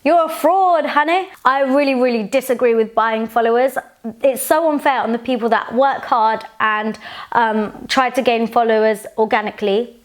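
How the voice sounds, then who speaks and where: A woman's voice: a little high, steady tone, normal speed. A woman in her twenties answering viewer questions in a casual, frank, chatty vlog. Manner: chatty and frank, with sassy asides.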